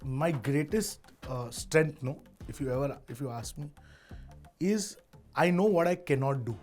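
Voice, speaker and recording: A man in his thirties with an Indian English accent, an ad director chatting in an interview, who tells stories with animated asides and slips into Hindi phrases. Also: on the high side. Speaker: interview guest, ad director and actor. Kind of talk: casual interview chat.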